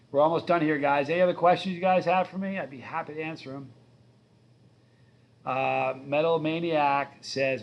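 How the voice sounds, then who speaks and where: A man's voice: mid-range voice, dull audio, a little hiss or hum. A man in his fifties hosting a live stream, chatting casually, reading viewer questions and rambling through stories. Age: 50s. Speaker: livestream host.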